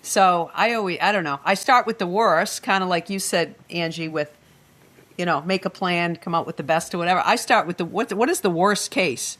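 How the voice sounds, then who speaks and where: A woman's voice: lowish voice, moderate pace, a bit bright. A woman hosting a panel conversation, upbeat and encouraging as she steers the talk. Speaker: podcast host.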